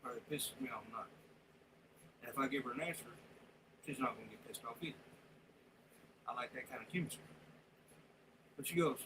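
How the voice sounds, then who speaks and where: A man's voice: medium pitch, fairly quick, pauses often. A man livestreaming, rambling and swearing in casual chat. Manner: rambling, profane, drawling Southern-style talk. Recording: noisy room sound.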